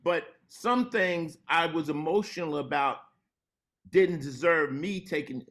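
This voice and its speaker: A man as an interview guest, telling stories in a laid-back way and dropping low and slow when he turns serious. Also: a bit bright. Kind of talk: casual conversation.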